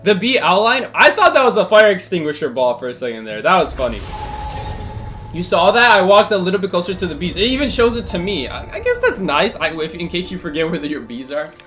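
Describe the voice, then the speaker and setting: A man's voice: high-pitched, very animated, brisk, sharp tone, faint music behind. A man thinking aloud through a live gameplay stream, answering chat questions with plenty of fillers and restarts. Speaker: game streamer.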